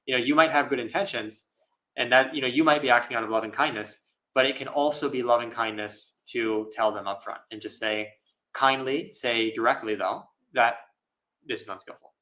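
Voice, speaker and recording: At a normal speed and medium pitch, the male Buddhist monk responds to live questions in a relaxed manner. His voice is bright and clear, and he pauses to think, laughs frequently and leans on fillers, all through poor audio.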